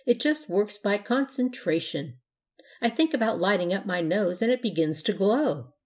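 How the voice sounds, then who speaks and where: A woman's voice: medium pitch, expressive, moderate pace, close to an everyday voice. A woman voicing a cheerful, polite young witch in a storybook reading. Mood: prim. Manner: bright, prim, eager.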